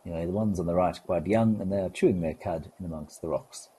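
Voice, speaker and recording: A man hosting a live wildlife stream, talking in a relaxed, gently wry way and greeting viewers. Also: sits low, quick pace, slightly rough, rough recording.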